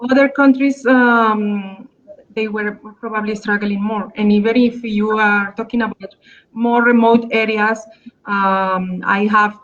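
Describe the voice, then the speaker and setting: A woman's voice: a little high, a bit bright, dull audio. A woman from Colombia with a strong Spanish accent in her English, speaking as a guest dancer in a live online talk, hesitant with many restarts.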